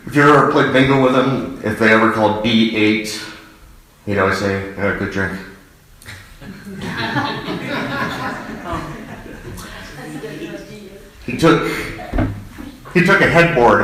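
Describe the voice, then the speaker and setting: A middle-aged man fondly remembering his late father, halting, with many fillers and restarts. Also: lowish voice, sharp tone. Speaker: son giving a eulogy. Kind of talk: personal reminiscence. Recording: very echoey hall.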